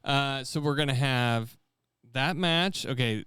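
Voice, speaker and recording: A man's voice: mid-range voice, slow, fairly bright tone, smooth, no room sound, studio quality. A man co-hosting a podcast in casual chat, loose and joking, swearing freely. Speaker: podcast co-host.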